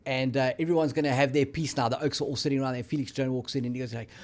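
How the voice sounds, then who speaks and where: A man's voice: mid-range voice, steady tone, rapid-fire. A man co-hosting a casual rugby chat, with dry, wisecracking asides. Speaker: co-host.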